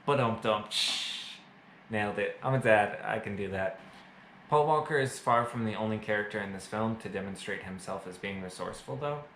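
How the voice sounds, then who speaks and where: A man's voice: on the low side, brisk, a bit bright, roomy sound, a little hiss or hum, low-quality recording. A man casually reviewing a movie to camera, chatty and full of fillers, with self-mocking jokes. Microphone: camera mic.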